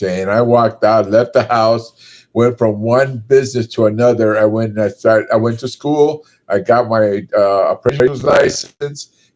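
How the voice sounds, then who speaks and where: A man's voice: medium pitch, darkish tone. Man telling a reflective story. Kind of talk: casual group discussion.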